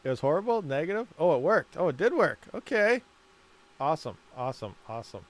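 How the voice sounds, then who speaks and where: A man's voice: a little high, sing-song, a little fast. Laughing, rambling livestream guy. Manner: rambling, laughs a lot, mutters while fiddling. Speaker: mining livestream host. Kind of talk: casual livestream chat.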